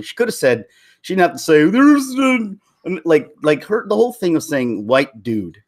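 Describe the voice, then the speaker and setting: Rambling, laughing man commentator. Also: medium pitch. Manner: rambling, laughs often, puts on voices. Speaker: YouTube commentator. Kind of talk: casual commentary.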